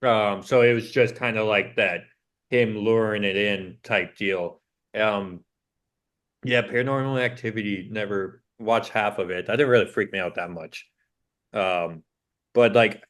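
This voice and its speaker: A man's voice: on the low side, moderate pace, a bit bright. Young man rambling with lots of "like". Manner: rambling, peppered with "like". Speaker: podcast co-host. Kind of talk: casual chat.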